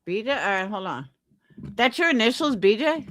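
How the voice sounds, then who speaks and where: A woman's voice: a little high, sing-song, moderate pace, a bit bright, no room sound, clean studio sound. A young woman on a live stream, chatting casually with viewers and venting in indignant, profane talk. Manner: indignant, profane, quotes others in put-on voices. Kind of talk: casual chat stream, reading comments.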